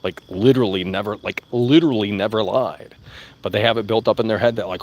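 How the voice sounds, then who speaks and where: A man's voice: on the low side, fast talker, darkish tone. A man vlogging outdoors in a casual, rambling rant, blunt and profane, repeating himself as he goes. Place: outdoors among plants. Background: faint crickets and insects.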